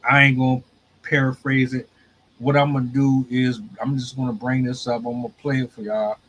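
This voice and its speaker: A man's voice: medium pitch, flat delivery, fairly quick, fairly bright tone, a little hiss or hum, rough recording. A man hosting a podcast, talking in a loose, rambling, slangy way before playing a clip. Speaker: podcast host. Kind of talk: casual commentary.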